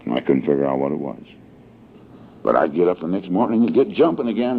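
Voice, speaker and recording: Speaking fast with big pitch swings, a man in his sixties shares his recovery story at a meeting hall, folksy and full of emotion. His low voice is gravelly and husky, preserved on an old, tinny tape recording.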